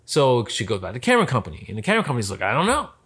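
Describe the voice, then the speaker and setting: A man in a casual conversation about film lighting. He tells stories in an animated way, acts out what people said, and often restarts his sentences. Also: mid-range voice, racing, breathy edge. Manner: animated storyteller, acts out quotes, many restarts. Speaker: lighting specialist guest.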